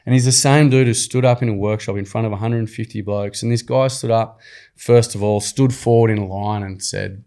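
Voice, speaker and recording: A man's voice: lowish voice, brisk. A young adult Australian man, a podcast guest, telling stories in casual, slangy, earnest chat. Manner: earnest, slangy, animated storytelling. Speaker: podcast guest, program founder. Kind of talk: casual storytelling.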